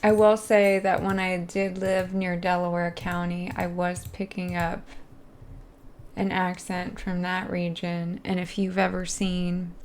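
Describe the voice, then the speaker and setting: A woman's voice: on the low side, monotone, unhurried, darkish tone, slight background noise. A woman from the US East Coast, chatting casually and rambling as she answers her live viewers' questions. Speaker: live streamer.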